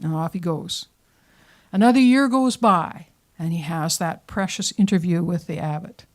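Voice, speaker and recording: Lady telling a story on stage, lively, drops to a whisper for the tense bits. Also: fairly low pitch, moderate pace. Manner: lively, dramatic pacing, drops to whispers for suspense. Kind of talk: live storytelling to an audience. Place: performance venue showroom.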